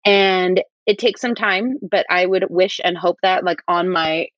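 A woman's voice: on the low side, measured pace, dry recording, dull audio. A woman co-hosting a podcast, talking in an earnest, encouraging and reflective way. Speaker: podcast co-host. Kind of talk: casual podcast chat.

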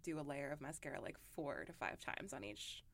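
A woman's voice: deep voice, lively intonation, normal speed, vocal fry, a bit bright, dry recording. A young woman co-hosting a podcast, chatting animatedly about makeup with lots of fillers. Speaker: podcast co-host. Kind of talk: casual beauty chat.

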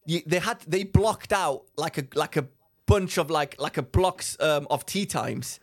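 Unhurried and a little high in pitch, a male podcast co-host meanders through a story during a casual chat. He acts out other people's lines and laughs frequently.

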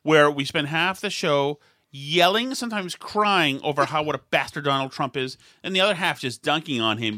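A man's voice: a little high, lively intonation, moderate pace, pushed and bright, no echo, clean studio sound. A man in his fifties from Massachusetts, hosting a podcast with casual political chat and meandering storytelling full of restarts. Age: 50s. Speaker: podcast host.

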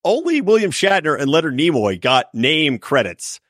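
A man hosting a crude comedy podcast, joking around in animated banter. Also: fairly high pitch, normal speed, no room sound, clean studio sound. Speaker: podcast host.

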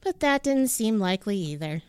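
A woman reading a children's storybook aloud in a clear, expressive way as a show co-host. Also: medium pitch, normal speed, dry recording.

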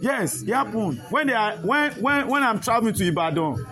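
A man's voice: high-pitched, lively intonation, a little fast. A man with a Nigerian accent speaking emotionally and repetitively in street talk, pleading with his listeners. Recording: loud music behind the voice. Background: music.

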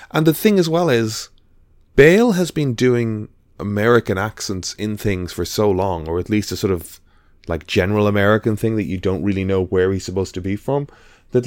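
A man's voice: fairly low pitch, darkish tone, no room sound, studio quality. A man hosting a podcast in casual chat, rambling and hesitant with lots of fillers. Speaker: podcast host.

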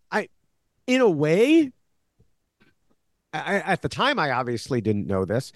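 A man's voice: sits high, big pitch swings, moderate pace, no room sound, studio quality. A man co-hosting a podcast, recapping episodes in casual chat with many fillers and restarts. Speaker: podcast co-host, longtime show analyst.

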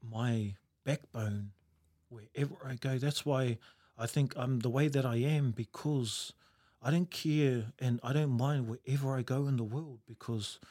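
A man's voice: mid-range voice, steady tone, a little slow, mellow. A New Zealand man telling stories in a casual chat, reflective, laughing often and using Maori words.

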